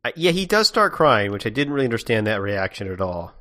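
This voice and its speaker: Podcast co-host, male, lowish voice with wide swings, dry humor. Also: big pitch swings, fast, pushed and bright. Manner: dry, wry jokes, short replies. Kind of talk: casual chat recapping a video game.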